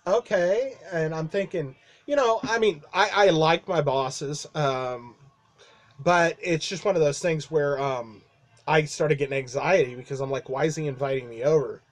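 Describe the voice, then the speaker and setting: A man from the American Midwest talks straight to his camera, telling a meandering story from his life. His voice sits a little higher than most men's. He fills gaps with ums and restarts and chuckles as he goes. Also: unhurried. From Midwestern United States. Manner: rambling, many fillers and restarts, chuckling. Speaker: vlogger. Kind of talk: casual storytelling monologue.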